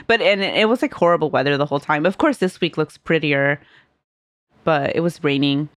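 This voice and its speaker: A woman's voice: sits low, normal speed, dry recording. A young woman hosting a podcast, telling a rambling story with lots of fillers and laughs. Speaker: podcast host. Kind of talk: casual podcast chat.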